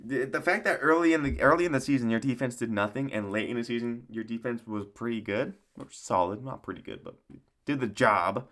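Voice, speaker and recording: A man's voice: medium pitch, fairly quick, few pauses, fairly bright tone. A man giving a casual, profane sports recap rant in a rambling, mocking way, often laughing at his own jokes. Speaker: sports commentator.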